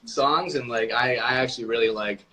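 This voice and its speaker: A man's voice: mid-range voice, moderate pace, a little hiss or hum. A man chatting casually on a live-stream video call, talking loosely with lots of filler words. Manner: relaxed, many "like" fillers. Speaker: music producer guest.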